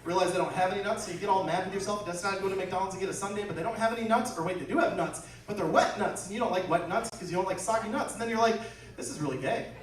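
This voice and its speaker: A man's voice: high-pitched, racing, few pauses, noisy background. A young man doing a stand-up comedy set, telling stories and acting out voices. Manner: animated storytelling, acts out voices. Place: comedy club. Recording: echoey club from far off, crowd laughter.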